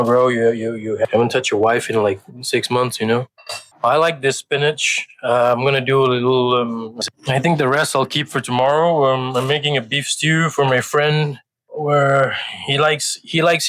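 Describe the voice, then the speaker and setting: Deadpan rambling man cooking at home. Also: medium pitch, no echo. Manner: halting, many fillers and restarts, deadpan rambling. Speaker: home cook vlogger. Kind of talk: rambling casual monologue while cooking. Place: home kitchen.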